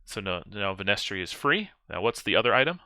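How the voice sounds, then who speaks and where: A man's voice: on the low side, sing-song, fairly quick, pushed and bright, dry recording, clean studio sound. A man acting as game master in a casual tabletop game session, talking loosely with many fillers and restarts.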